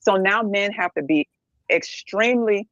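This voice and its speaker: A woman's voice: mid-range voice, a little slow, a bit bright, no room sound, highs cut off. A middle-aged woman speaking bluntly and emphatically as a podcast guest, often checking in with "right?". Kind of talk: candid podcast discussion.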